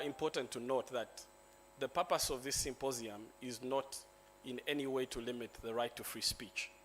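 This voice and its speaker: Ugandan man, lawyer, conference talk, relaxed joking, faint hum. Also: medium pitch. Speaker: lawyer and speaker. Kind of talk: symposium presentation. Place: conference hall.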